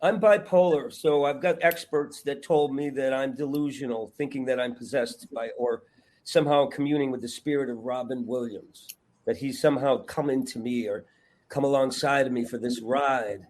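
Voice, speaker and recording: A man's voice: mid-range voice, moderate pace. A man who is a guest comedian and impressionist, telling stories animatedly and acting out quotes. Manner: animated storyteller, acts out quotes. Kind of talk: casual podcast chat.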